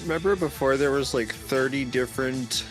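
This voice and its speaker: A man's voice: medium pitch, moderate pace, over music. A man chatting casually on a stream, blunt and offhand, with some swearing. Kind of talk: casual chat.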